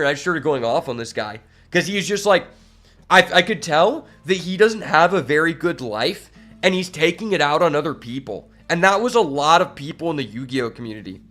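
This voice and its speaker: A man telling a long rambling story while playing a card game, swearing freely and filling pauses with fillers. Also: a little high, lively intonation, a bit bright, soft background music. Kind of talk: casual storytelling while gaming.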